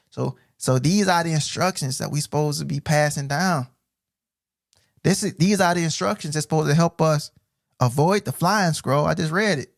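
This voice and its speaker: Male scripture teacher, fairly high and gravelly, casual streamed teaching with slow readings and slang asides. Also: dry recording, studio quality. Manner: reads verses slowly, then explains in street slang; casual, repeats 'right?' and 'bro'. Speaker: Bible teacher.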